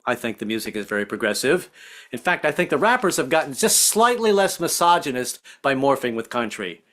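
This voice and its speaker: A man's voice: medium pitch, sing-song, brisk, a bit bright. A man doing a stand-up comedy set, stammering and restarting often and slipping into put-on voices. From American South. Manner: stammering, self-interrupting delivery with frequent put-on voices.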